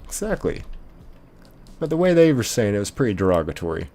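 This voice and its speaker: Rambling low-voiced male streamer. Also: sing-song, brisk, warm tone. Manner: reads viewer chat aloud and answers it; rambling, many filler "like"s. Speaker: live-stream host. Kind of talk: casual live-stream chat.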